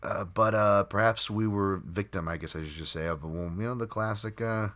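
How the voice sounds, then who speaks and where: A man's voice: fairly low pitch, normal speed, hardly any pauses, fairly bright tone. A man hosting a solo podcast, talking unscripted in a rambling, self-deprecating way with lots of fillers and restarts. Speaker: podcast host.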